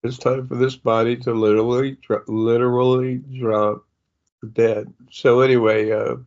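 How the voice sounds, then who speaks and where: A man's voice: medium pitch, flat delivery, measured pace, darkish tone, dull audio. Older sniffling man rambling about spirits. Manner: meandering, many fillers and restarts. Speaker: psychic medium.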